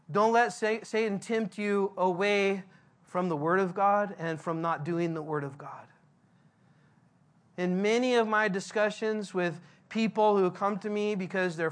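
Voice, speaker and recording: Slow-speaking male pastor preaching. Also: high voice, a bit bright. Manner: conversational, emphatic, asks the congregation questions. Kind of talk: verse-by-verse sermon.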